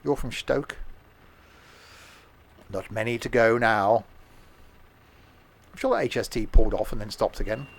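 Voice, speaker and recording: A man's voice: mid-range voice, unhurried, long pauses, a little hiss or hum. A man streaming a train simulator live, chatting and rambling as he counts off the stops. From England. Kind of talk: live game commentary.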